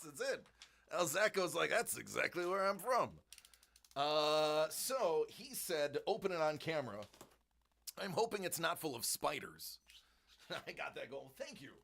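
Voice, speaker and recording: A middle-aged man hosting a live-stream unboxing, chatting casually into a close desk microphone, joking, laughing often and exclaiming in excitement. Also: fairly high pitch, creaky.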